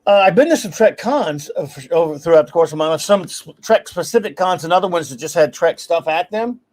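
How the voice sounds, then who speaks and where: A man hosting a casual talk show, telling stories in an animated, ranting way and laughing as he goes. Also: a little high, fairly quick. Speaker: podcast host. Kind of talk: casual chat.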